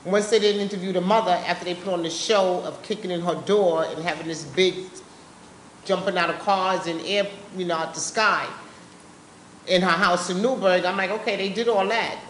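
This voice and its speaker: A woman's voice: lowish voice, fairly even intonation, moderate pace. A woman giving personal testimony as a speaker at a public forum, talking in a blunt, impassioned, colloquial way. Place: meeting room at a live public event. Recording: roomy live-event recording with faint background noise.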